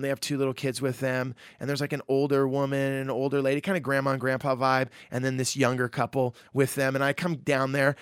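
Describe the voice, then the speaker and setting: A man spinning a personal anecdote in easy, casual talk, his voice sitting fairly high and bouncing between hushed asides and excited bursts as he acts out quoted lines. The sound is close and dry with no room around it. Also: smooth, no echo. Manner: animated, acts out quotes, frequent fillers. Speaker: storyteller. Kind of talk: casual spoken storytelling.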